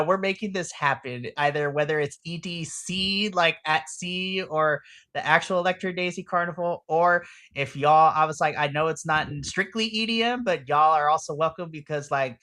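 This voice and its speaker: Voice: medium pitch, expressive, moderate pace, bright, forceful tone. A game master of a tabletop role-play podcast, chatting and narrating in a rambling, playful way, often laughing.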